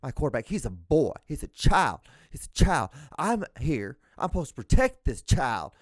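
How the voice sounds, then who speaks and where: Man impersonating a Southern male football coach, about forty, heated protective rant, raised pitch. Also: big pitch swings, moderate pace, dry recording, clean studio sound. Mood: indignant.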